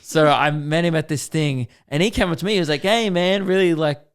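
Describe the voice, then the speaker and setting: A young man in his twenties chatting on a podcast, telling a rambling story and acting out the lines of people in it. His voice sits a little high for a man, and he talks in loose, easygoing bursts. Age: 20s. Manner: rambling storyteller, quick to act out quotes. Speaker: podcast co-host. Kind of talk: casual chat.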